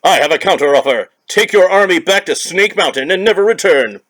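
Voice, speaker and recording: A man's voice: high-pitched, lively intonation, a little fast, a bit bright, voice pushed up. A man voicing a brave, muscular comic-book warrior hero in a firm, declaiming manner. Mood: defiant. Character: heroic muscular warrior, male, brave and stern.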